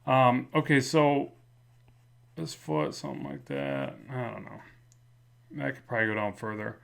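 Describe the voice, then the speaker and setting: A man with a slight lisp, talking through a drawing in a relaxed, rambling way as a comic art instructor. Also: mid-range voice, a little slow, creaky. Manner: relaxed, rambling, many fillers and restarts. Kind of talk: casual drawing tutorial narration.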